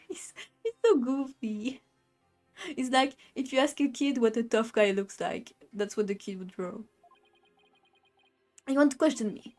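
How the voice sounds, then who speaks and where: A woman streamer chatting casually over a game, giggling often and cursing offhandedly. Her voice sits a bit high. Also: a little slow, a little mellow, soft background music.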